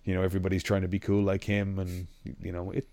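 A man co-hosting a podcast in casual chat, animated and sweary as he rants. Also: low-pitched, fast, no echo. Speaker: podcast co-host.

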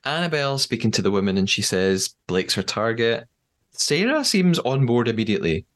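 A man's voice: mid-range voice, normal speed. A man with an English accent hosting a podcast, animatedly retelling events and acting out quotes. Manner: animated storytelling, acts out quotes. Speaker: podcast host. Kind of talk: casual recap chat.

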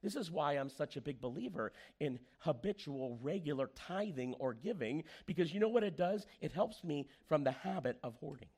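Animated male pastor preaching. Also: a little high, normal speed, hardly any pauses, breathy edge. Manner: animated storyteller, acts out quoted voices. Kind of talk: sermon.

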